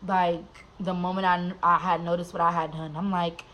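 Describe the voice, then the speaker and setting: A young woman vlogger telling a personal story in a candid, animated, slangy way, with many "like"s. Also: lowish voice, moderate pace, hardly any pauses, slight background noise, rough recording.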